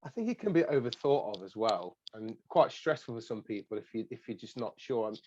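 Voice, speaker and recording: A man's voice: mid-range voice, lively intonation, fairly quick, darkish tone, muffled recording, slight background noise. An English man co-hosting a podcast, teasing his co-host in casual chat. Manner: teasing, jokey.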